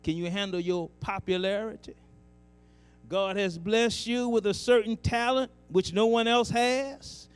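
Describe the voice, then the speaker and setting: A man, a pastor preaching a sermon with a rhythmic cadence that repeats "uh" and rises into shouting. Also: high-pitched, steady tone, a little slow, clean tone, faint music behind. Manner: shouts in the climax. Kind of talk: sermon building into a shouted, chanted close.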